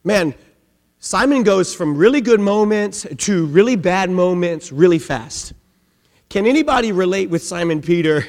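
A man's voice: high voice, lively intonation, normal speed, darkish tone. A man preaching a sermon, emphatic, full of rhetorical questions and lines that open with "man". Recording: long reverb of a large hall.

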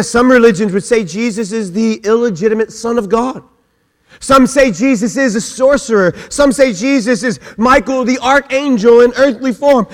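A man with a very high voice preaching an emphatic sermon. He hammers his points through repetition and builds up to shouts. The sound rings with long reverb, as in a large hall.

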